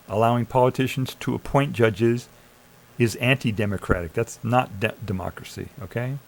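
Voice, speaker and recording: A man's voice: medium pitch, steady tone, moderate pace, gravelly, poor audio. A man streaming live, reading chatbot answers aloud and arguing back with sarcasm, urging listeners to think. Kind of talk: casual commentary reading AI chat aloud.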